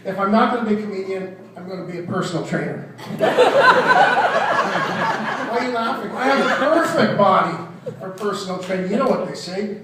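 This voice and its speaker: A man's voice: high voice, lively intonation, brisk, pauses often, heavy background noise. An older man doing a rambling, self-deprecating stand-up set, trailing off mid-joke. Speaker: stand-up comedian. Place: comedy club stage. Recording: echoey club recording from far off with crowd laughter. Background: audience laughing.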